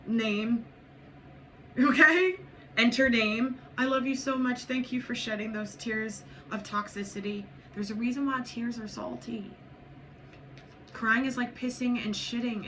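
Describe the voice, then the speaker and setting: Blunt, profane woman giving a tarot reading. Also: on the low side. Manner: blunt, profane and emphatic, with repeated urging. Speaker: tarot reader. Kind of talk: spiritual tarot reading to viewers. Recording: noisy background.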